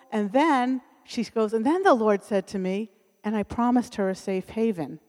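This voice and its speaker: A woman's voice: medium pitch, animated, normal speed, darkish tone. A middle-aged woman giving a sermon with a personal testimony, telling the story earnestly and acting out the voices of the people she quotes. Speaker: speaker at a church service. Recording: long hall reverb.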